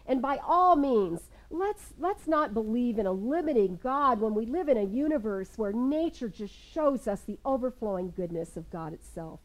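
An older woman minister giving a sermon to a seated congregation. She tells stories with lively energy, then slows into calm, measured guided prayer. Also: fairly high pitch, low-quality recording. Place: in front of a seated congregation in a room.

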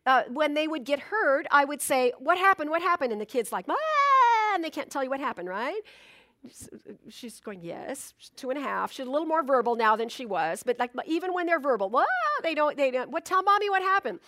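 A woman's voice: sits high, lively intonation, fairly quick, fairly bright tone, no room sound, studio quality. A middle-aged woman minister giving a sermon in a conversational, storytelling way, acting out little asides.

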